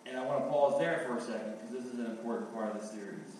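A man's voice: mid-range voice, fast, darkish tone, slight background noise. Man preaching in a very echoey hall. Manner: earnest, repeats key phrases, thinks aloud with fillers. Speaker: pastor. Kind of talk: sermon. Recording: very echoey hall, heard from a distance.

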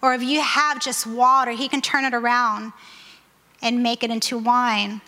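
High bright-voiced woman preacher. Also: flat delivery, normal speed. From United States. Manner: earnest, conversational, many fillers. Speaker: occupational therapist giving a testimony. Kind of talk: sermon with personal testimony.

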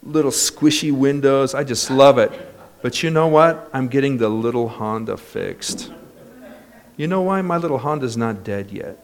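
A man preaching a sermon as a pastor, telling stories and building to loud exclamations. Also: mid-range voice, moderate pace. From United States.

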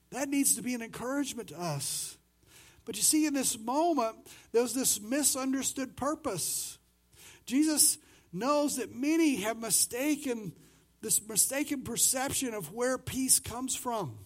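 Male pastor with a high voice, preaching casually and acting out quotes. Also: expressive, unhurried. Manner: swings between loud and soft. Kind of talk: sermon.

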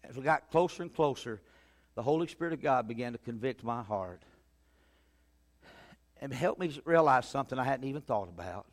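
A man preaching a sermon as a pastor, telling a story that swings from loud urgency to hushed quiet. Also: medium pitch, lively intonation, normal speed, pauses often. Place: church sanctuary. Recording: long hall reverb.

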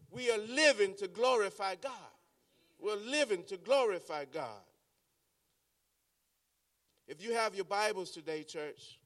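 A man's voice: high-pitched, no echo, clean studio sound. A man preaching a sermon in a church, repeating his phrases for emphasis and calling out to the congregation, heard from a distance. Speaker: pastor.

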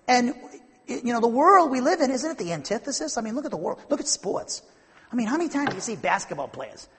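Husky high-voiced preacher in a reverberant hall. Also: male voice, big pitch swings, fast, fairly bright tone. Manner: rambling, repeats and restarts, builds to emphatic fervor. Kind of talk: conversational Bible-teaching sermon.

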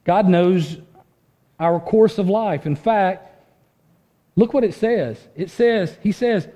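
A man preaching a sermon in earnest, swinging from loud emphasis to a hushed voice and often repeating words as he restarts. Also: sits high, slow, long pauses, muffled recording. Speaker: pastor.

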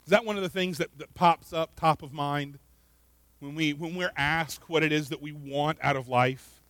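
A man delivers a sermon with a high voice, close to the mic in a dry space. He is earnest, often repeats words, and swings between loud emphasis and quiet asides. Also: moderate pace, no room sound. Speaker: pastor.

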